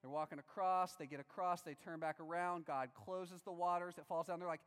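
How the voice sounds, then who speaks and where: Animated preacher in a reverberant hall. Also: male voice, fairly high pitch, fairly quick, clean tone. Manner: animated, acts out voices of biblical figures. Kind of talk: sermon.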